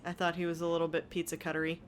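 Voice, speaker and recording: A woman's voice: lowish voice, completely flat delivery, rapid-fire, a little hiss or hum. A woman co-hosting a casual podcast, blunt and wry, swearing freely. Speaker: podcast co-host.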